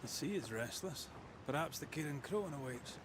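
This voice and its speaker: An actor voicing a stern, grim ghost hunter in video game dialogue, with terse, ominous lines. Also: male voice, fairly high pitch, lively intonation, moderate pace, natural voice. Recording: game audio under loud noise.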